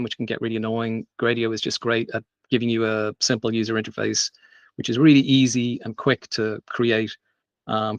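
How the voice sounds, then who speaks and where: A man's voice: medium pitch, a bit bright, no room sound. A man giving a live tech demo at a meetup, talking casually with frequent fillers and restarts. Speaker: meetup presenter. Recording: dry, dull lo-fi sound.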